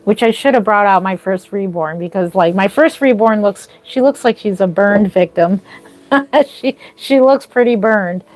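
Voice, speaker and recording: A reborn doll artist hosts a casual livestream in an unhurried, mid-range voice with a darkish tone. She chats with viewers and, easily moved, gushes thanks for their gifts again and again.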